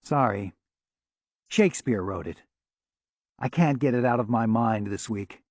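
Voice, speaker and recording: A soft-spoken, bookish young woman, read by a male narrator. She speaks slowly and quietly. The recording is dry and close. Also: medium pitch, dry recording, close to an everyday voice. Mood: gentle.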